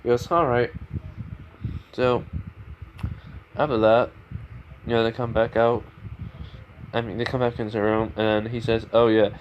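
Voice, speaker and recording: A man's voice: medium pitch, monotone, normal speed, long pauses, dull audio, slight background noise. A man casually retelling a fan story, rambling with lots of fillers.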